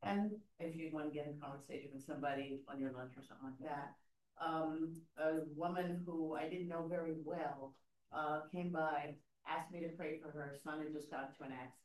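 A woman in a church group sharing a memory, speaking in a halting, soft-spoken way. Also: low voice, steady tone, a little hiss or hum. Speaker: group member. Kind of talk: casual group talk. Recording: echoey room.

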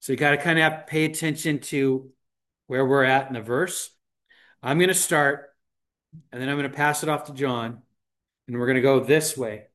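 A man leading an informal group Bible study, talking in a halting way with frequent restarts and ums. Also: mid-range voice, fairly even intonation, a bit bright.

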